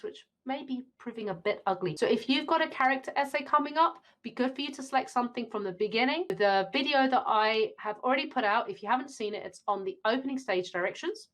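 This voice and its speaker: A woman's voice: on the high side, a bit bright. A woman with a British accent giving an exam revision lesson, reading lines from a play aloud and explaining them to viewers in a chatty way. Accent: British English. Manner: chatty, addresses viewers directly. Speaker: English teacher.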